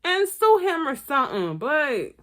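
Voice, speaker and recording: A woman giving blunt, profane, animated commentary as she reviews a reality TV episode. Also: sits high, measured pace. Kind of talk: casual commentary vlog.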